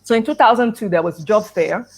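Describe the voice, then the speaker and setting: A woman's voice: mid-range voice, quick pace, a little mellow, slightly rough. A middle-aged woman speaking at an education conference, telling a personal story and acting out the dialogue, with light laughs. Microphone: video call.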